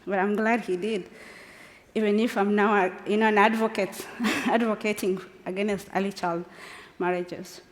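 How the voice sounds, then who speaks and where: A woman's voice: mid-range voice, fairly even intonation, normal speed. A woman in her forties from Kenya giving an emotional, unscripted personal speech, passionate and close to tears. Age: 40s. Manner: passionate, emphatic, laughs between phrases. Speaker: speaker. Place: large conference hall. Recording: long hall reverb.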